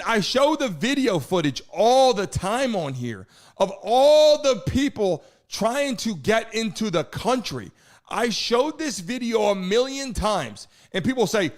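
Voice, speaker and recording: A man's voice: high-pitched, big pitch swings, moderate pace. A man from New Jersey hosting a live political talk show, ranting in an indignant, profane way. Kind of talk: heated live-stream commentary.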